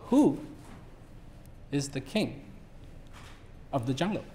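A man's voice: mid-range voice, sing-song, slow pace, warm tone, slight background noise. A man voicing a vain, boastful male tiger in a spoken fable, demanding to be called king. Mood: swaggering. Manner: brash, cocky, demanding questions.

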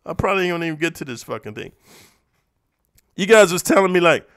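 A man from the eastern United States delivers a heated, profane rant to his audience, calling everyone "bro." His voice sits high for a man and the sound is dry, with no room around it. He drops to low mutters, then bursts out loud. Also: a little fast, pauses often, clean tone, dry recording. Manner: profane, confrontational, says "bro" constantly; swings between low muttering and loud outbursts. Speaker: YouTuber reacting to comments. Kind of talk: heated ranting monologue.

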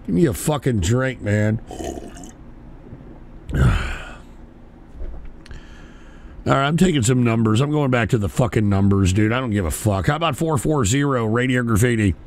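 A man hosting a show, yelling and cursing in an angry rant and then muttering quickly. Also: mid-range voice, animated. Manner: yells and curses, then mutters fast. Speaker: show host.

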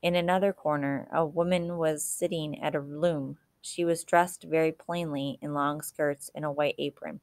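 Low-voiced woman reading a novel. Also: moderate pace, hardly any pauses, no room sound, clean studio sound. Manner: steady storytelling with small slips and restarts. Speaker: reader. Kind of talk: reading a children's novel aloud.

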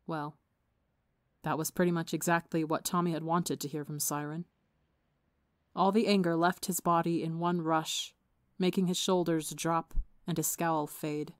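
Low-voiced woman reading a story. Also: fairly even intonation, measured pace, no echo, clean studio sound. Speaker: podcast reader. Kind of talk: storybook narration.

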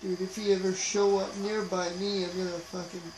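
A man giving profane, excitable live commentary over his gameplay, trash-talking the players he beats. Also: sits high, normal speed. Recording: roomy, noisy home recording.

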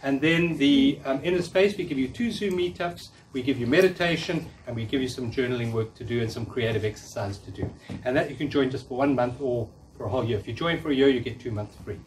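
A man's voice: mid-range voice, fast. Man coaching an audience from afar. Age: 50s. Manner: warm, coaching, repeats key phrases. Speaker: workshop speaker. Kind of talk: live talk to an audience. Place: meeting room with audience. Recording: distant room mic with faint noise.

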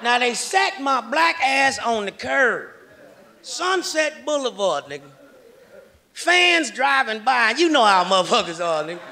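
A man from Kansas City performing a profane stand-up comedy set, telling stories loudly and acting out the other people in them. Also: very high-pitched, sing-song, measured pace, vocal fry. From Kansas City, Missouri. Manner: profane, loud storytelling with acted-out voices. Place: comedy stage before a large audience. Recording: live stage mic with a laughing crowd.

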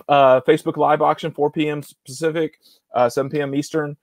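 A man's voice: a little high, steady tone, brisk, no echo, clean studio sound. Chatty man hosting a video-call interview. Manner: chatty, laughs often, repeats words. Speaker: interviewer and channel host. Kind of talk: casual interview chat.

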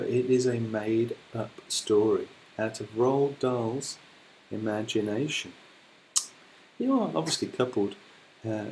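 A male primary school teacher reading a story aloud and explaining to children in a gentle manner. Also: fairly low pitch, slight background noise, low-quality recording.

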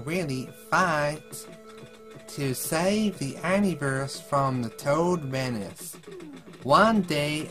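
A woman reading scripted narration in a measured, announcer-like manner. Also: low-pitched.

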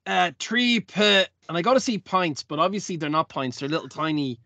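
A man playing a dwarf traveller, gravelly, high voice, hesitant, tabletop game. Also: lively intonation, moderate pace, pushed and bright, dry recording, heavily acted. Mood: chatty. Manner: hesitant, stumbling over words. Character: sociable secretive male dwarf traveller.

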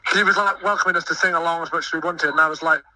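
A young man who sings in a choir and volunteers at a festival, talking excitedly in a radio interview and often stumbling over his words. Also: on the high side, very fast, dry recording, recorded from a distance, poor audio. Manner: eager, stumbling restarts. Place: busy outdoor festival field.

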